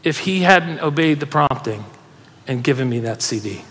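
A man with a high voice preaches in a large church hall, and a long reverb trails after his words. He tells stories with energy and urges the congregation to join in. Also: normal speed, a little hiss or hum. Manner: animated storytelling preacher, urging the congregation. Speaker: pastor. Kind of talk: sermon.

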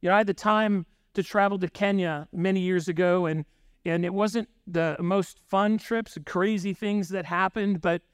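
A man's voice: sits high, smooth, dry recording, studio quality. A man preaching a sermon in a conversational storytelling way, often checking in with "right?" and acting out bits of dialogue. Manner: conversational, frequent "right?" asides, acts out dialogue. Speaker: pastor.

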